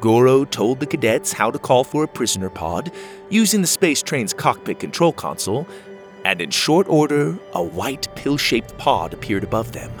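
A man narrating a children's space adventure story in a steady, descriptive read-aloud manner. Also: medium pitch, normal speed, soft background music.

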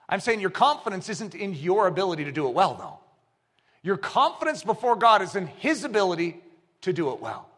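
A man preaching a sermon, swinging from hushed asides to shouted exclamations and acting out quoted voices. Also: sits high. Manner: animated, shifts between hushed and shouting. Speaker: pastor.

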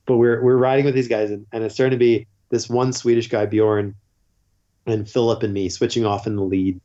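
A man's voice: on the low side, flat delivery, brisk, mellow, muffled recording. A man guest telling a long story in a casual, rambling way, full of fillers. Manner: rambling, filler-heavy with frequent "like".

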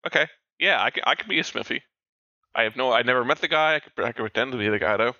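A man playing a tabletop game, talking casually and halting with restarts. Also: medium pitch, expressive, pushed and bright, no room sound, highs cut off. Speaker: player.

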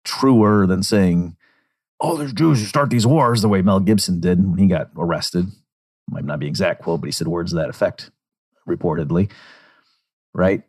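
Guy with a really low voice breaking down an interview clip, wanders off on side points. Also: a little mellow. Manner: digressive, explanatory, acts out quotes. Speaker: commentator. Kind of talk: analytical commentary on interview clips.

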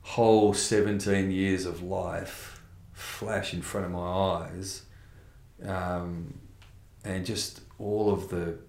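A man's voice: deep voice, little pitch movement, takes it slowly, creaky, a little mellow, roomy sound. A middle-aged man telling a candid personal testimony in conversation, blunt and rambling with restarts and mild swearing. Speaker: interview guest.

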